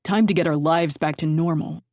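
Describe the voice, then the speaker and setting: A woman voicing a gruff, resentful young husband in an audiobook. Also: low voice, normal speed, a little mellow, no echo, studio quality. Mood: defeated. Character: sullen defeated young husband. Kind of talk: audiobook character voice.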